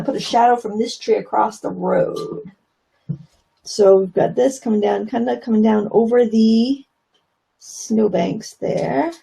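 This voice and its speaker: Gravelly-voiced woman teaching watercolor. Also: fairly high pitch, warm tone, low-quality recording. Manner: chatty, explains while painting, many fillers. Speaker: watercolor instructor. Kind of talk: live-stream painting lesson.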